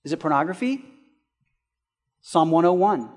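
A male pastor preaching a sermon, asking rhetorical questions and swinging between loud and hushed. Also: a little high, expressive, moderate pace, in a large hall.

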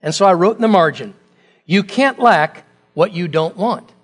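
A man's voice: sits high, expressive, normal speed. A middle-aged man preaching a sermon as pastor, talking conversationally with rhetorical questions and joking asides.

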